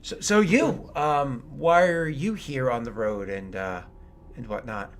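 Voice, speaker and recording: A man's voice: mid-range voice, a little slow. A man running a tabletop game as game master, narrating in an easygoing, meandering way.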